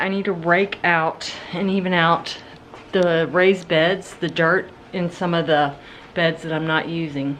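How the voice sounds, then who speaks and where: A woman with a slightly low voice talks through her gardening chores in a relaxed, upbeat vlog. She chats outdoors, with a faint background hiss. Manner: chatty, upbeat, narrating her own chores. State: out of breath after yard work. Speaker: gardening vlogger. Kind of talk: casual vlog narration.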